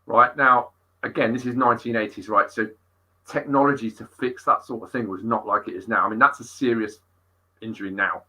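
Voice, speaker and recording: A middle-aged fitness coach tells gym stories in an animated, sweary podcast chat. His voice is forceful and tense, with a husky edge. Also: on the low side, brisk, low-quality recording. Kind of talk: casual interview storytelling.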